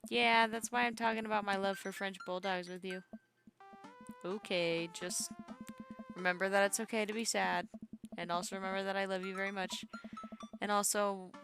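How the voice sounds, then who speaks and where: A woman voicing a caring, joking single father as she reads a dating game aloud, in a gentle, teasing manner. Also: medium pitch, steady tone, moderate pace, creaky, pauses often, over music, lightly acted. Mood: tender. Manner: gentle, teasing, dad-joke delivery.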